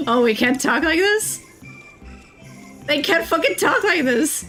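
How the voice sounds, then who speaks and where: Female game streamer, excitable, swears freely, laughs often, pitched a bit high, faint background music. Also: slow pace, pauses often. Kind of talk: casual game stream commentary and reading game text aloud.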